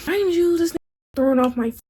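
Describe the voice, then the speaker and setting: A woman's voice: very high voice, lively intonation, quick pace, mellow. A young woman vlogger telling a candid storytime, swearing freely and acting out what her friends said. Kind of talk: casual storytime.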